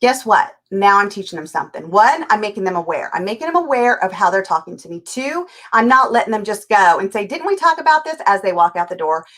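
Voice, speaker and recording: A woman's voice: medium pitch, animated, brisk, hardly any pauses, a bit bright. A woman from California, a life coach and interview guest, talking energetically and acting out little scenes in quoted voices. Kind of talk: animated interview talk.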